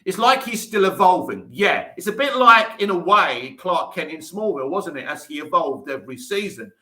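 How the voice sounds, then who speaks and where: Bright-voiced man, echoey room. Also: sits high, lively intonation, normal speed. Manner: enthusiastic, talks in restarts and asides. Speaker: livestream host reading viewer comments. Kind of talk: casual live chat.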